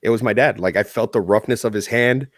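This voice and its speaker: A man's voice: fairly low pitch, fairly quick, dry recording, clean studio sound. Man telling a heartfelt story, swearing freely. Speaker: podcast co-host. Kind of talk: casual chat.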